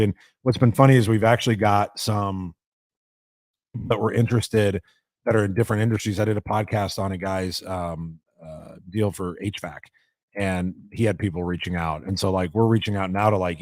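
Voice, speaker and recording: A man's voice: sits low, darkish tone, no room sound, studio quality. A man hosting a live show, chatting casually, crude and joking, swearing freely. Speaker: podcast host.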